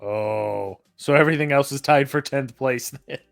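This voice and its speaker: A man's voice: mid-range voice, moderate pace, gravelly, no echo, faint music behind. A young man co-hosting a live stream, who also hosts a radio show, joking easily with his co-host. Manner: easygoing, teasing banter. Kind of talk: casual live-stream chat.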